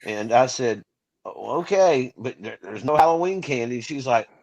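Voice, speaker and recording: A man co-hosting a casual podcast, talking in halting bursts with frequent restarts. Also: medium pitch, lively intonation, a little mellow. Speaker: podcast co-host. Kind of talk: casual chat. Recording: dull lo-fi sound.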